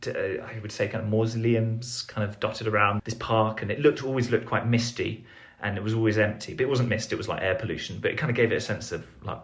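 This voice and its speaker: A young Englishman, a foreign correspondent appearing as a podcast guest, tells a rambling, self-deprecating story in a casual interview. His voice is fairly low and fast with few pauses, and he's full of fillers and restarts.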